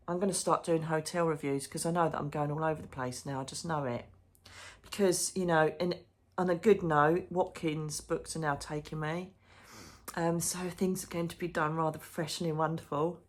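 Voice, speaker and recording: A woman's voice: sits low, fairly even intonation, normal speed, fairly bright tone. A woman chatting emotionally in a casual diary vlog from a hotel room. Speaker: psychic medium vlogger.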